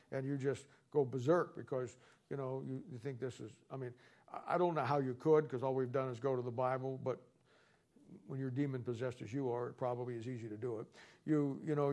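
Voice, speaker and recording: A man preaches a Bible study sermon in a slightly high voice. He is combative and mocking, and rambles with frequent restarts and repeated words. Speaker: Bible teacher. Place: church or studio with a wall sign.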